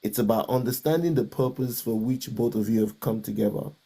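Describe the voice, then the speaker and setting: A man talks through a personal dream and what it taught him about marriage, pausing and restarting as he reflects. His voice is gravelly and husky, with a dark, mellow color. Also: mid-range voice. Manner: hesitant, reflective storytelling with restarts. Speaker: guest. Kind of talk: personal testimony in conversation.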